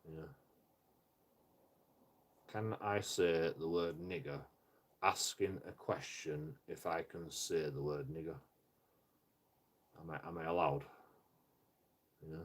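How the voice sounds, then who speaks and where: A man with a low, husky voice rants on a live stream. He rambles and swears freely, often tripping over his words and starting sentences again. His speech stays loose and unpolished. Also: lively intonation, takes it slowly, long pauses. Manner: rambling and profane, with frequent restarts. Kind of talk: casual live-stream rant.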